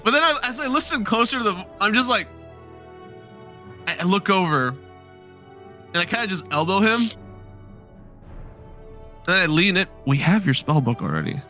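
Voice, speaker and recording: A man's voice: sits high, animated, a little slow, pauses often, bright, forceful tone, soft background music. A man playing a tabletop game, chatting in a playful way. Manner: laughing, playful. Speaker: player. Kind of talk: casual game chat.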